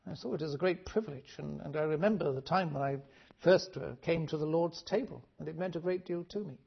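A preacher from Wales, giving an earnest, measured sermon with frequent restarts, on a dull lo-fi recording. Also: male voice, on the high side, gravelly, breathy edge.

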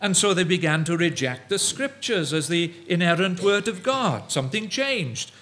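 Halting male preacher, higher voice. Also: expressive, fairly bright tone. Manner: halting, many fillers and restarts; mimics opponents in quoted asides. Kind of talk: evening sermon.

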